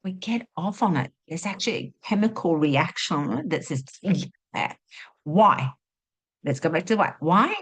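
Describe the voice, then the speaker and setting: Delivering spiritual teachings, a fairly low-pitched woman from Australia animates her talk with rhetorical questions and vivid portrayals of inner voices.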